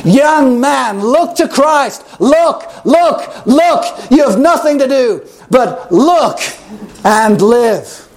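A man's voice: very high voice, measured pace, darkish tone. A man voicing a thin, plain-spoken lay preacher from Essex who exhorts his small congregation fervently. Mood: shouting.

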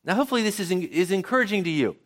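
A man's voice: high voice, animated, racing. A man preaching a sermon in church, asking his congregation a run of rhetorical questions. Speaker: pastor.

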